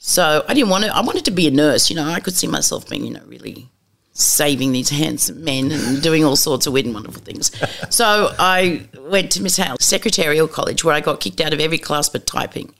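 A woman's voice: low-pitched, a little fast, gravelly. A middle-aged woman telling candid stories as an interview guest, bluntly and with acted-out dialogue. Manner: blunt and lively, acts out dialogue, casual swearing.

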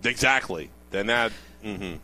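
A man's voice: lowish voice, a little slow. A man co-hosting a sports radio show, ranting and mocking callers in casual banter. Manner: animated ranting, mocking impressions.

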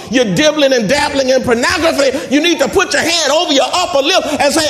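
High-voiced preacher shouting in an echoey room. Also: male voice. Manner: preaching with rising shouts and drawn-out emphasis. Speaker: pastor. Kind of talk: sermon.

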